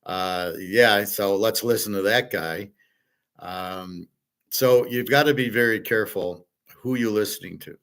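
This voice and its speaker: A man's voice: lowish voice, a bit bright. A man hosting an online show, ranting in a blunt, profane, rambling way. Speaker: show host and betting tipster. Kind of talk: casual ranting commentary.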